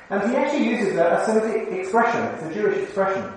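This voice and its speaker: A man's voice: sits high, expressive, fairly quick, hardly any pauses. A man preaching a sermon in a conversational way, often putting questions to the congregation. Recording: very echoey hall, mic far off.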